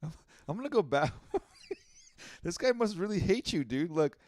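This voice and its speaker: A man's voice: high voice, sing-song, unhurried, a little mellow, dry recording. Blunt, profane male podcast co-host. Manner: blunt, profane, filler-heavy. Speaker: podcast co-host reading listener posts. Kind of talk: casual comedic chat.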